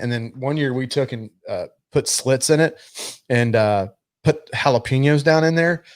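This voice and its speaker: A man co-hosting a podcast in casual chat, telling stories with a lot of swearing and laughter. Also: medium pitch. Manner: animated, laughing, profane storyteller. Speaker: podcast co-host.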